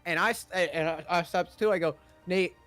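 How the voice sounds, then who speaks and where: Animated, swearing young man telling a story. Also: sits high, moderate pace, soft background music. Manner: animated, swears a lot, acts out quotes. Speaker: streamer. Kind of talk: casual storytelling chat.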